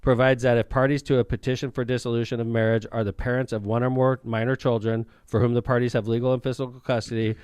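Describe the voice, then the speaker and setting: A man's voice: mid-range voice, little pitch movement, fast, few pauses, a little mellow, clear, resonant tone, no echo, clean studio sound. A man co-hosting a political podcast in casual chat, reading bill text aloud and cracking jokes. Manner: joking, reads bill text aloud, slips into impressions. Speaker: podcast co-host.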